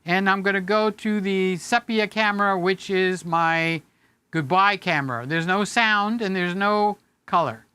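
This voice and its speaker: A man's voice: sits high, a little slow, sharp tone, clear, resonant tone, no echo. A man hosting a casual live stream from a home studio room, rambling, joking and affectionate with his viewers.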